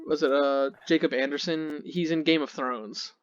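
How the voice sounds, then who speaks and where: A man with a slightly high voice tells chatty stories and laughs easily in relaxed podcast talk. His voice comes across a bit dull and muffled, as over an online call, and dry with no room sound. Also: normal speed, smooth, no room sound. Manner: chatty storyteller, laughs often. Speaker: podcast cast member. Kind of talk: casual chat.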